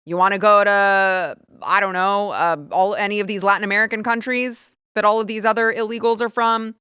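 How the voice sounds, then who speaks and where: A woman hosting a commentary show, talking in a sarcastic, indignant and animated way, and reading an ad. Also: medium pitch, brisk, clean tone, no room sound, clean studio sound. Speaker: host. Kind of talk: opinionated commentary and ad read.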